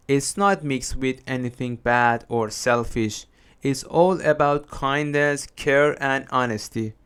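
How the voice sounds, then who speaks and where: A man teaching English phrases in a slow, deliberate, scripted lesson narration. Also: medium pitch, clear, resonant tone.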